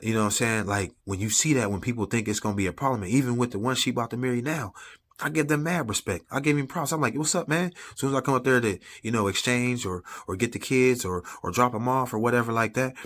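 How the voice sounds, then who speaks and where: Man, deep register, casual personal testimony to camera, filler-heavy conversational delivery. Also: a bit bright, slightly rough. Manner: conversational, with frequent "you know what I'm saying" fillers. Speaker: vlogger sharing personal testimony. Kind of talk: casual faith-based storytelling.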